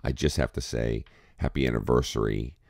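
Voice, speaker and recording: A man's voice: rumbling low, normal speed, darkish tone, no room sound, clean studio sound. A man from New England hosting a casual morning podcast chat, groggy with his morning voice, rambling and heartfelt. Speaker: podcast host.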